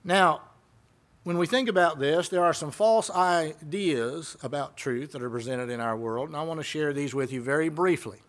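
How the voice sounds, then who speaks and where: Male preacher, somewhat high voice, chatty sermon full of questions to the flock. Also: moderate pace, fairly bright tone. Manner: conversational, retells exchanges and asks rhetorical questions.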